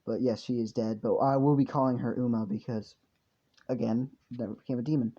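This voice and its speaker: Brief: casual male storyteller, rambling and profane, low mellow gravelly voice, dull lo-fi home recording. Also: steady tone, a little fast. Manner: rambling, swears, many fillers. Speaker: fan storyteller. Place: hot room indoors.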